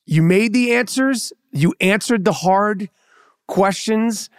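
A man's voice: high voice, takes it slowly, clear, resonant tone, no room sound, clean studio sound. A brash man hosting a podcast, teasing his guest with profane casual chat. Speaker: podcast host.

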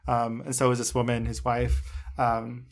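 We hear a man in his natural middle pitch, talking casually on a film podcast. He gushes about movies and packs his sentences with "um" and "like". He speaks as a regular co-host of the show. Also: monotone, moderate pace, gravelly. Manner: effusive, gushing, heavy on filler words. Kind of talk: casual film review chat.

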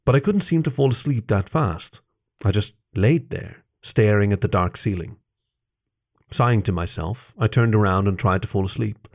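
Low-voiced man reading a story. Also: normal speed, a little mellow. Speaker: story reader. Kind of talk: first-person story narration.

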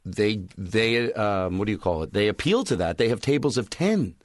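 Rambling low-voiced comedian telling club stories. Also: male voice, normal speed, dry recording, clean studio sound. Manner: rambling, animated storyteller acting out club announcements. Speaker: stand-up comedian. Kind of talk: casual podcast chat.

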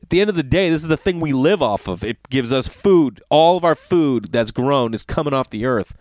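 A middle-aged man rants through a casual monologue, swearing freely as he tells his story. His voice sits at an ordinary middle pitch. The recording is dry and close, with no room sound. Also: brisk, no echo. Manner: profane, ranting, animated storytelling.

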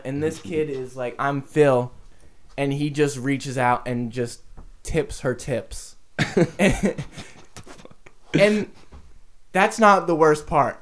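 Slow-talking young woman, giggly storytelling. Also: deep voice. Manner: laughs often, animated retelling. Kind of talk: casual chat, storytelling.

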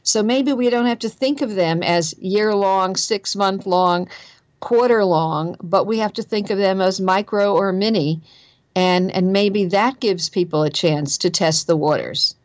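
A woman's voice: medium pitch, unhurried, dry recording. A woman with a New Jersey accent, a guest author talking about careers in an emphatic, earnest way and repeating phrases for stress. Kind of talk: conversational interview.

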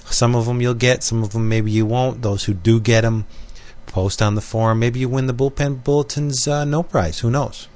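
A man's voice: mid-range voice, steady tone, normal speed, darkish tone. A man co-hosting a podcast, chatting casually with dry, offhand jokes and introducing a guest. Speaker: podcast co-host.

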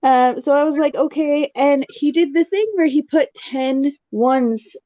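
A woman telling a relaxed anecdote in casual chat as a co-host. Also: high-pitched, measured pace, no room sound, highs cut off.

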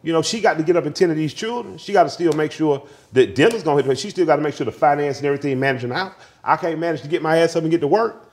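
A man, a guest telling family stories candidly, swinging between laughter and quiet grief. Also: a little high, racing. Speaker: interview guest. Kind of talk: candid conversational storytelling.

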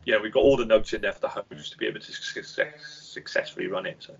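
A man talking as a podcast guest, an animated storyteller who laughs while telling anecdotes, on a dull lo-fi recording. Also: fairly low pitch, quick pace, creaky, slightly rough. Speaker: game company founder, podcast guest. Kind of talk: casual podcast conversation.

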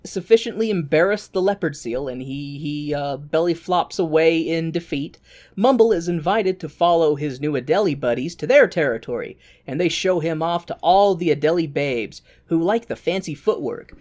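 An animated woman recaps a film for a podcast, joking and cursing playfully as she goes. Her voice sits on the low side yet swings widely. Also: normal speed. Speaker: podcast co-host. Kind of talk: casual movie recap.

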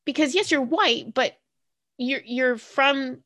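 A woman's voice: sits high, slow pace, fairly bright tone. Curious American-sounding podcast woman. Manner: curious, asks questions, tells anecdotes. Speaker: podcast co-host. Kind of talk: casual podcast chat.

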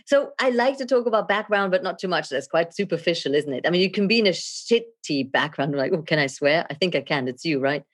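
A middle-aged woman, a video and leadership coach, speaking as a guest in a podcast interview in a theatrical, animated way, laughing often. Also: fairly low pitch, fairly quick, few pauses.

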